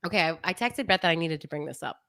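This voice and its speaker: A young adult woman co-hosting a podcast in casual chat, animated and often laughing, mock-exasperated as she rants. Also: deep voice, rapid-fire, dry recording, clean studio sound. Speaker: podcast co-host.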